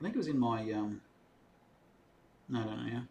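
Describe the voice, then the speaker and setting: Gravelly Australian man chatting live. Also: mid-range voice, lively intonation, normal speed, darkish tone, slight background noise. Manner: chatty, rambling, reads out comments and answers them. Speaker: livestream host answering viewer questions. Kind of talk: casual live Q&A chat.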